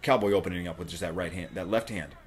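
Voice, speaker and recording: Man, deep voice, young adult, from Florida, excitable, foul-mouthed, rambling live fight commentary. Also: fast talker, slight background noise. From Florida, USA. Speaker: livestream host.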